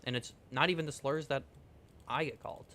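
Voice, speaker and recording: A man's voice: mid-range voice, steady tone, a little fast, pushed and bright, slight background noise. A man streaming a video game, chatting casually with viewers in a playful, rambling, jokey way with some swearing. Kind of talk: casual game livestream chat.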